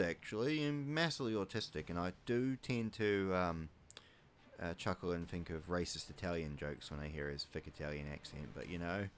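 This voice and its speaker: A man's voice: deep voice, lively intonation, a little slow, gravelly. A man from New Zealand giving casual let's-play commentary, rambling with wry asides and muttering his menu choices to himself. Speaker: gaming YouTuber.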